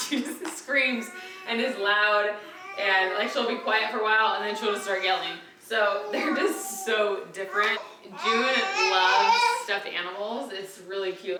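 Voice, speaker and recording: A young woman chats to the camera about her twins in a bright, clear voice, fond and rambling, with "like" sprinkled through her talk. She sits some distance from the camera in a room at home, so the sound is roomy, with a faint hiss underneath. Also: medium pitch. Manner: chatty and fond, many "like" fillers. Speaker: vlogger and mother of twins. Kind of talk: casual chat to camera. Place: room in a family home with babies nearby.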